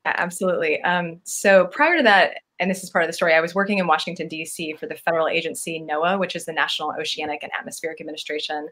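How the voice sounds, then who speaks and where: Podcast guest, woman, forties, deep for her sex; chatty, full of fillers and restarts. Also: fairly even intonation, quick pace, few pauses, fairly bright tone. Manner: rambling with many fillers and restarts. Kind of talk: casual conversational storytelling.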